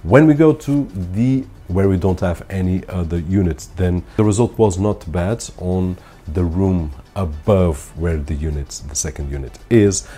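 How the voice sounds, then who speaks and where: A man talks through a tech product at home, his deep voice husky and somewhat breathy. He explains things in a relaxed, chatty way, looping back to the same pet phrases as he goes. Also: measured pace. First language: Portuguese. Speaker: tech reviewer. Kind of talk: casual product review to camera.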